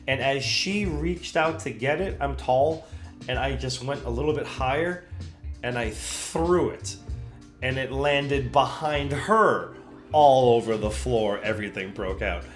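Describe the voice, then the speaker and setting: A young man streaming from home, casually telling a story and acting out the other people's voices with big pitch jumps. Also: measured pace. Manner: animated, acts out quotes with pitch jumps. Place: home room. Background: soft background music.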